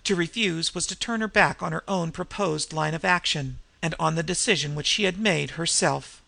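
Man reading an old crime story, kinda gravelly, bright, close and dry. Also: fairly high pitch, dry recording. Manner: measured, even storytelling. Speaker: audiobook narrator. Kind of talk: scripted narration.

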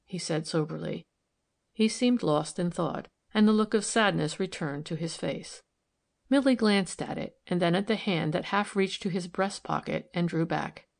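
A woman narrating a novel in a calm, even storytelling manner. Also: fairly low pitch, normal speed, vocal fry. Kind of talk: audiobook narration.

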